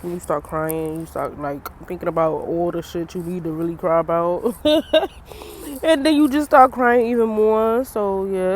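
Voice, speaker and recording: Outdoors in the cold, a young woman talks casually to her camera for a personal vlog, her eyes puffy from crying though she laughs a lot. She speaks at a medium pitch, and a little hiss or hum is audible.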